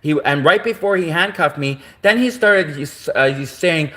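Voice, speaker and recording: A man's voice: on the high side, animated, moderate pace, hardly any pauses, bright, forceful tone. Man ranting on a livestream. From Canada. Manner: repetitive, ranting, circles back on points. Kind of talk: rambling livestream monologue.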